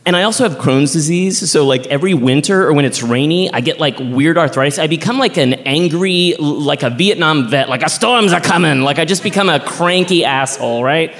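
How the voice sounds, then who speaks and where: A man from Texas telling a personal story on stage at a live show, animated and chatty, full of "like.". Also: fairly high pitch, fairly quick, few pauses, in a large hall. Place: theater stage before a live audience.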